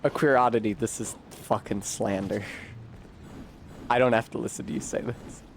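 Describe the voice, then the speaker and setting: A man's voice: fairly low pitch, fairly even intonation, moderate pace, slight background noise. A man streaming a video game, chatting casually in a rambling, profane, self-deprecating way. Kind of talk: casual gameplay commentary.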